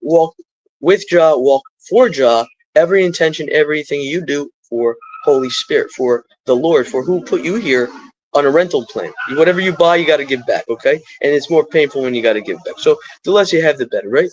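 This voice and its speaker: A man's voice: fairly high pitch, a little fast, lo-fi sound, a little hiss or hum. A middle-aged man talking to his live stream in a rambling, stream-of-consciousness way, drifting into spiritual asides.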